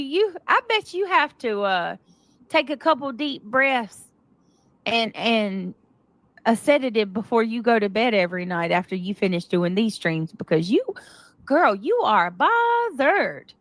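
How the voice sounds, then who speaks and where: A woman's voice: fairly high pitch, expressive, moderate pace, a bit bright, no echo. A woman with a Southern US accent, ranting and taunting on her livestream. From Southern United States. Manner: taunting, mocking. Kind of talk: livestream rant.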